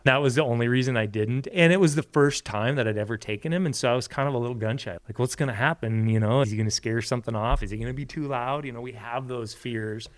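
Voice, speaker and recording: A man, a podcast guest, telling a story in a casual, animated way and acting out the quoted lines. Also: quick pace, hardly any pauses. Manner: animated storyteller, acts out quotes with big pitch jumps.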